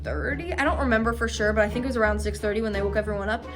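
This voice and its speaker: A woman's voice: fairly high pitch, racing. Chatty young woman vlogging over music. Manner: chatty, animated and self-amused. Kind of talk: casual reflective vlog chat. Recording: faint music behind.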